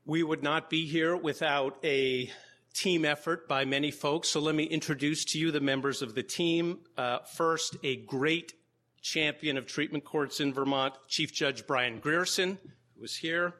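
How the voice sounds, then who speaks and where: A man's voice: fairly high pitch, fairly even intonation, unhurried, sharp tone. A man, a law professor, giving opening remarks to a live audience in a lecture room, with wry humorous asides. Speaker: law professor and conference co-organizer.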